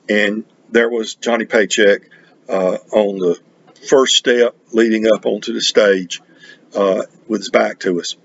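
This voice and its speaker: A middle-aged man from North Carolina, chatting casually on his record vlog in a halting, rambling way full of restarts. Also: lowish voice, creaky, husky, highs cut off. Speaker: record collecting vlogger. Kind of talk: casual chat.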